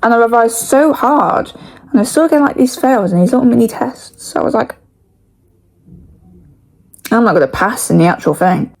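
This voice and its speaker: A woman's voice: fairly high pitch, animated, normal speed, vocal fry, long pauses, rough recording. A young woman in her late teens with an English accent, telling stories to camera in rambling, frank, sweary casual talk full of "like". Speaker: vlogger. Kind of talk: casual chatty storytelling.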